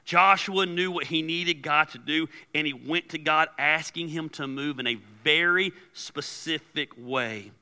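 Man, pastor, lively sermon, high voice, bright sound, echoing church hall. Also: a little slow, hardly any pauses, clean tone. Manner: animated, acts out quoted prayers and voices. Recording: long hall reverb.

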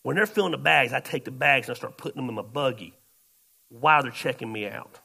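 A man preaching a sermon through a long personal story. His voice is gravelly and bright, and it jumps from quiet, muttered asides to sudden loud exclamations. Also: medium pitch, animated, quick pace. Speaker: pastor.

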